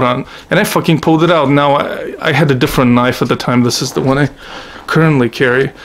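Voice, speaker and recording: A man's voice: medium pitch, steady tone, quick pace, slight background noise. A man from Russia telling stories from his own life in a blunt, profane, rambling vlog monologue. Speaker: vlogger. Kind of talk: casual storytelling monologue.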